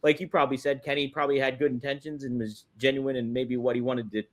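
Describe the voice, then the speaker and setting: A man's voice: mid-range voice, level tone, fast talker. Easygoing male podcast co-host. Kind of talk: casual chat.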